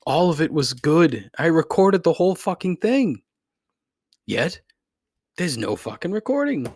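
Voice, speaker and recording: A man's voice: on the high side, sing-song, measured pace, a little mellow, slightly rough, dry recording. A man hosting his own podcast, ranting in frustration and laughing at himself as he swears a lot. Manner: frustrated, swearing, self-deprecating with rueful laughs. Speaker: podcast host. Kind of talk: solo podcast rant.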